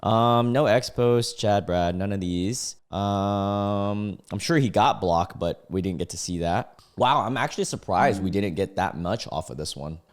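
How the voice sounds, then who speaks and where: A man's voice: lowish voice, unhurried, hardly any pauses. A young man hosting a casual reaction video, laid-back and slangy, often laughing and exclaiming.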